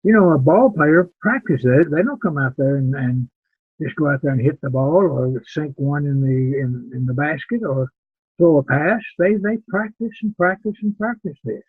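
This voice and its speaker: An older man who instructs preaching students talks in an earnest, plain way, circling back over words as he thinks. He has a husky mid-range voice at normal speed, and the tinny, phone-like recording has no echo.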